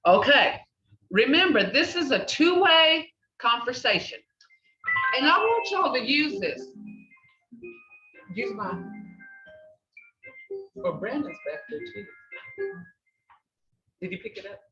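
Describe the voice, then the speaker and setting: An older woman teaching a language class, repeating words slowly and checking in with "okay?". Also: fairly high pitch, very animated, music in the background. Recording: echoey, distant, dull room recording.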